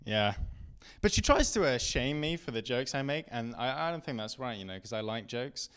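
A young man doing a stand-up comedy set as a story, camp and self-mocking, at times sinking into hushed deadpan narration. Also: medium pitch, normal speed, clean tone.

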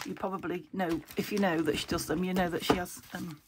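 Chatting casually a little fast, an English craft vlogger sorts papers in her craft room at home, her lowish voice holding a steady tone. She thinks out loud and often drops to a whisper to save her weak throat. The clip is very noisy, with paper crinkling and clicks behind her.

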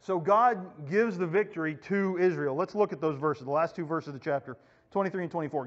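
High-pitched male youth pastor, casual Bible lesson, echoey hall, muffled lo-fi recording. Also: fairly quick. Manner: casual, storytelling, acts out quotes.

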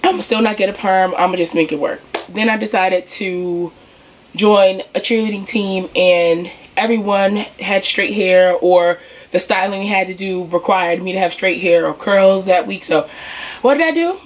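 A young woman getting over a cold, telling her hair story in a casual, animated vlog and speaking to viewers as y'all. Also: medium pitch, moderate pace. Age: young adult. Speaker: beauty vlogger.

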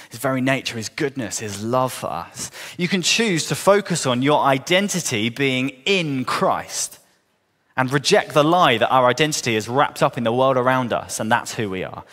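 A man with a southern English accent preaching a sermon, earnest, rising to emphatic questions and dropping soft. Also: mid-range voice, big-room sound. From southern England. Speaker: pastor. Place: church hall.

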